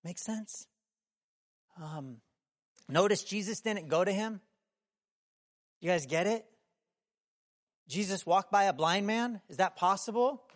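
High-voiced preacher asking questions. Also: male voice, slow pace, long pauses. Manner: conversational, asks the room many questions; acts out quoted voices, shouting at times. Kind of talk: sermon.

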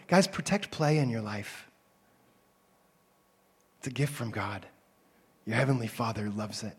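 A man preaching a sermon as a pastor, swinging between loud, animated calls and soft, hushed passages. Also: mid-range voice, unhurried, pauses often, breathy edge.

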